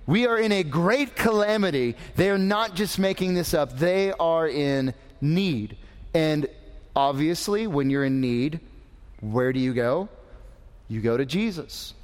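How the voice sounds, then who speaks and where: A man preaching a sermon in a conversational way, adding joking asides to his congregation. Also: on the high side. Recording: long hall reverb.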